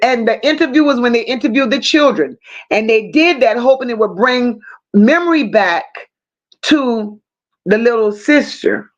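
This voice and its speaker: A woman's voice: on the high side, animated, normal speed, muffled recording. A woman hosting a casual true crime livestream, telling the story bluntly and with strong emotion, swearing freely and talking straight to her viewers. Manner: addresses viewers directly.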